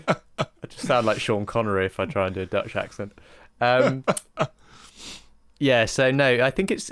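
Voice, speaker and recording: A man's voice: on the low side, a bit bright, smooth, no room sound, clean studio sound. A man co-hosting a casual podcast, easygoing and rambling, laughing often. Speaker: podcast co-host.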